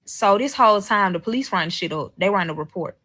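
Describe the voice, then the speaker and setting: Bright-voiced woman telling a profane story. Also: medium pitch, fast, a little hiss or hum, low-quality recording. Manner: profane, animated, acts out quoted dialogue. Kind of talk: casual storytelling.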